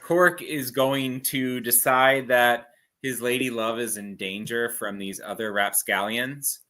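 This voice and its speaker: Brief: male author, player at a tabletop game, chatty and meandering, bright tone. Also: mid-range voice, steady tone, slow. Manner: chatty, meandering, frequent fillers. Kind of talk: casual tabletop game chat.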